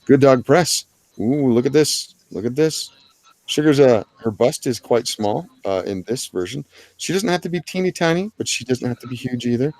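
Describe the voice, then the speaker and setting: A man's voice: medium pitch, lively intonation, normal speed, a little mellow, dry recording. A man hosting a casual art livestream, rambling and joking about the chat and the artists. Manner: joking, rambling, self-deprecating. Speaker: livestream host.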